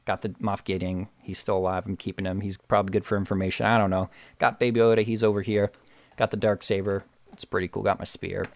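A man's voice: on the low side, flat delivery, quick pace, vocal fry, no echo. A man voicing a laid-back male warrior in armor who lists things offhandedly, in a casual retelling. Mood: offhand. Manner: offhand, matter-of-fact.

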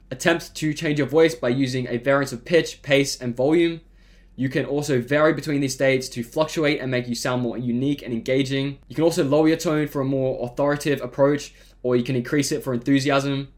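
Steady, even-toned male podcast host. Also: mid-range voice. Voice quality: monotone. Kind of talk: scripted solo talk.

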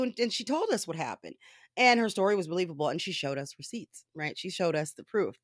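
A woman telling a story in casual commentary style, animated and often laughing, with profane asides. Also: a little high, fairly quick, dry recording, studio quality.

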